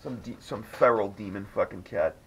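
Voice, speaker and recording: A man's voice: fairly low pitch, normal speed, fairly bright tone. A man hosting a casual podcast, telling a rambling, profanity-laced story. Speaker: podcast host. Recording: dull lo-fi audio with faint noise.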